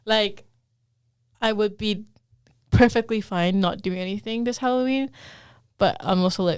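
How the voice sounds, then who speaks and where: A young woman co-hosting a casual chat, speaking in a relaxed way with lots of fillers. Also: medium pitch, a little slow, pauses often, clear, resonant tone, dry recording, studio quality. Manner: relaxed, easygoing, many fillers. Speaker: podcast co-host.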